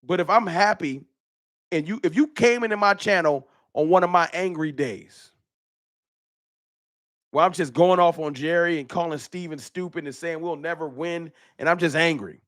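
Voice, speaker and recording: A man hosting a casual live-stream fan talk show, animated and slangy, often repeating his words. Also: fairly high pitch, moderate pace, no echo, studio quality.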